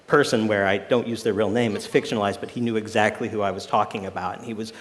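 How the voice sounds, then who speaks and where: Low-voiced man talking in a reverberant hall. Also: steady tone, quick pace. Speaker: author. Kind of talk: panel talk. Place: live event venue.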